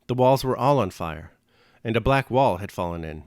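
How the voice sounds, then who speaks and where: Deep-voiced man reading a novel aloud. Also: no room sound, studio quality. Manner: measured, expressive reading. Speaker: reader and commentator. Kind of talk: audiobook reading and reflection.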